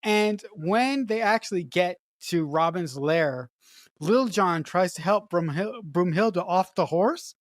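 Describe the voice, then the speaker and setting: An excitable podcast co-host retelling favorite film scenes at a middle pitch, laughing and swearing freely. The sound is dry and close, with no room. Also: measured pace, dry recording. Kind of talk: casual film review chat.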